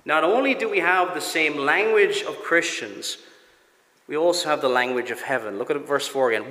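Man, Cork Irish accent, sermon, earnest, soft near-whispers, reverberant church hall. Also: on the high side, normal speed. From Cork, Ireland. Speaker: pastor. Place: church sanctuary.

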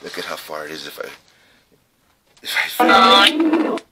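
A paranormal investigator with a very deep voice speaks rapid-fire in a level tone over heavy background noise. He's running a ghost-hunting vlog inside an old trailer, calling out to spirits while nervous and breathing hard.

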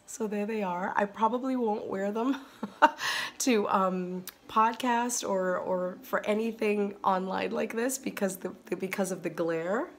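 A woman vlogging casually to her phone by a bright window at home, chatting and gushing over yarn with breathy exclamations. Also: medium pitch, slight background noise. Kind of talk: casual chat to camera. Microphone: phone camera.

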